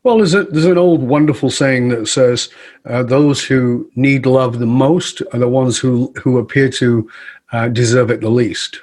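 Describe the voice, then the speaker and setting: A middle-aged man guesting on a podcast, spinning a long personal story with lively delivery. He slips into the voices of the people he quotes and keeps a conversational, mid-pitched tone throughout. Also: unhurried. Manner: animated, acts out quoted voices.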